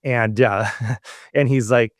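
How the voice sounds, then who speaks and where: A man from Southern California hosts a podcast and tells a family story in a loose, animated way. His voice sits at a middle pitch and slips into quoted lines as he goes. The sound is dry, with no room echo. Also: takes it slowly. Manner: animated, acts out quoted dialogue. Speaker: podcast host. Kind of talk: casual storytelling.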